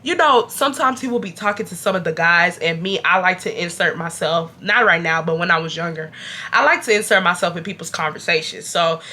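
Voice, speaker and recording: A young woman with a bright, forward voice tells a casual storytime straight to her viewers. She is chatty and animated, calling out to them as y'all, even though she is sick and feeling unwell. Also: fairly low pitch, fairly quick. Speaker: YouTube storyteller.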